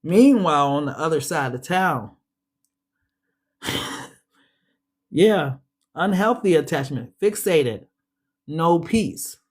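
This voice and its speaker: A woman's voice: sits low, expressive, takes it slowly, long pauses, a little mellow, husky. A woman giving a casual tarot reading, chatty and slangy, speaking straight to her listeners and sounding a bit stuffy. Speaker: tarot reader.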